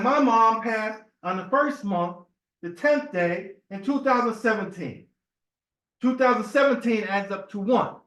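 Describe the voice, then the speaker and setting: Man, temple speaker, high voice, loose storytelling sermon, roomy hall sound. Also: a bit bright, lo-fi sound. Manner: conversational, storytelling, asks the room "right?". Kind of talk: informal sermon talk.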